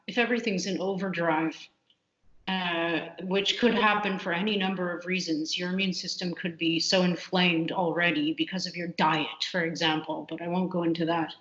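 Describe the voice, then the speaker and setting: A woman with a fairly low voice answers interview questions in a loose, candid way, stumbling through fillers and restarts. Her voice carries a roomy echo. The audio is muffled and lo-fi. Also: a bit bright. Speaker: computational biologist guest.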